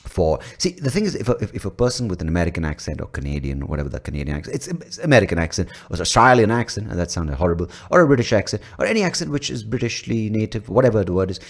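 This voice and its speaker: Low, lively Indian man rambling. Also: rapid-fire, creaky, hardly any pauses. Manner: rambling, crude, self-mocking. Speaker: podcast host. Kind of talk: solo comedic podcast monologue. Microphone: studio mic with pop filter.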